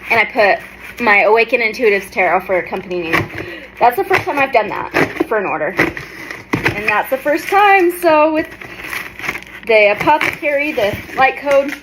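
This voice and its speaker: Gushing excited woman vlogger. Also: a little high, normal speed, very noisy. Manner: gushing, breathless with excitement, exclaims often. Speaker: tarot reader and vlogger. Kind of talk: excited unboxing vlog.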